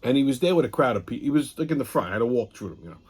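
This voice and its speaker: A man's voice: mid-range voice, lively intonation, rapid-fire, darkish tone, husky. Blunt, profane man hosting a show. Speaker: host. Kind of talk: casual rambling monologue.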